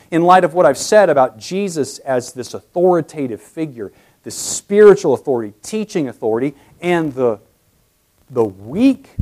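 A man preaching an expository sermon, moving between quiet explanation and loud emphasis. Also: a little high. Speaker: pastor.

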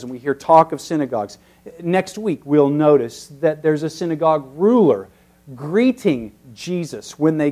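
Man preaching a verse-by-verse sermon. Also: fairly high pitch. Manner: teacherly, rising to emphatic peaks then dropping very soft. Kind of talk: expository sermon.

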